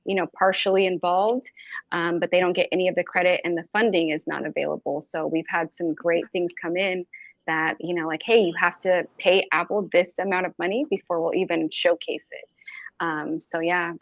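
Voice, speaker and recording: A woman's voice: fairly low pitch, steady tone, moderate pace, no room sound, highs cut off. A woman co-hosting a casual panel, chatting with plenty of fillers. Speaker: panel co-host.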